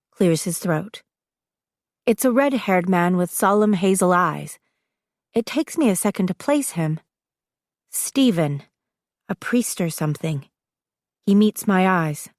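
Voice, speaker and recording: A woman reads a first-person audiobook in a measured, reflective voice of middle pitch. The sound is dry and close, with no room around it. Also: lively intonation, dry recording. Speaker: audiobook narrator.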